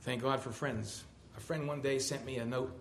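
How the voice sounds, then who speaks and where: A man's voice: mid-range voice, steady tone, normal speed, slight background noise. A middle-aged man preaching a sermon, reading a poem aloud with rising, emphatic delivery. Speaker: pastor.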